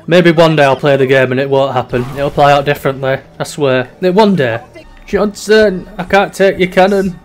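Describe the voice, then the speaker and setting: Faint music plays behind a young man whose slightly high voice keeps a normal speed. He's a gaming YouTuber, chatty and profane, bouncing between mock despair and giggling as he plays.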